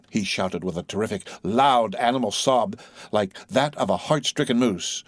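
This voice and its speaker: A man reading a classic novel aloud as an audiobook narrator, in measured storytelling. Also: fairly low pitch, dry recording. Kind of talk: scripted narration.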